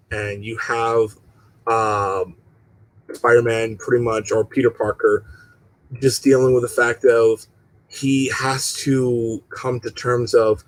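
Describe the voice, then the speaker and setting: A young man hosting his own channel, chatting casually to viewers and swearing a lot, his voice jumping high when he is exasperated. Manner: profane, animated, jumps pitch when exasperated. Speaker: channel host.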